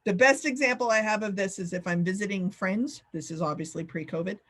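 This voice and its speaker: A woman leading a live online workshop over a video call, talking in an animated, playful way and swooping up high for emphasis. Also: fairly quick. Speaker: workshop facilitator.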